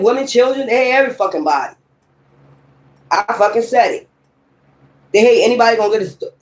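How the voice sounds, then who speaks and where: A woman's voice: medium pitch, darkish tone. Fifties woman, tarot reader, heated and foul-mouthed, mid-range voice. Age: 50s. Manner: blunt, profane, heated. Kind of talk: tarot reading with ranting commentary.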